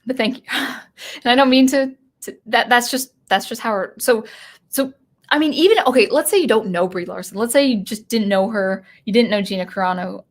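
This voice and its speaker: A woman hosting a live-stream commentary, answering chat and thinking aloud with halting restarts. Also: a little high. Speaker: channel host and teacher.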